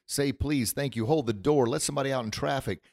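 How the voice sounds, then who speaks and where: A man hosting a podcast, effusive and deeply thankful, choked up with emotion. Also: fast, creaky, darkish tone, no echo, studio quality. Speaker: podcast host. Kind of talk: casual podcast chat.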